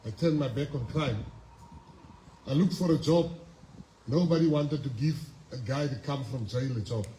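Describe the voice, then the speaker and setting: A South African man in his fifties giving a motivational speech at a school, telling his story emphatically, with repeated phrases and pauses. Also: medium pitch, warm tone, slight background noise. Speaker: guest speaker at a school. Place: school assembly hall. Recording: echoey hall with faint ambience.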